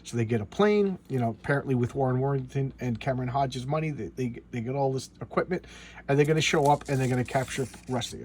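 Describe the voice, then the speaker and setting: Speaking quickly in a darkish mid-range voice, a comic book reviewer talks sarcastically about an old comic while a faint hiss or hum sits underneath. He rambles casually, often restarting and drifting into asides that trail off.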